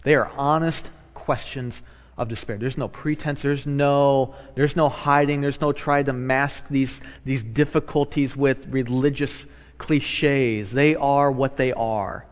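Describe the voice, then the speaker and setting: A man, a pastor, preaching a sermon in a conversational way, moving between hushed and loud animated passages and repeating phrases for emphasis. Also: medium pitch, slow, big-room sound.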